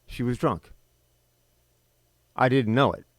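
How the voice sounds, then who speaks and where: A middle-aged man hosting a podcast, telling a personal story in a blunt, bitter, emphatic way with sudden pauses. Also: medium pitch, no echo. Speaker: podcast host.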